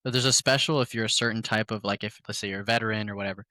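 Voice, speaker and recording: A man chatting casually on a podcast, telling animated stories about his phone sales calls in slangy talk, acting out both sides of each call. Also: lowish voice, racing, dry recording. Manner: animated storytelling, quotes his calls in voices; slangy, says "bro" often. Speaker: podcast guest. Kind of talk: casual chat.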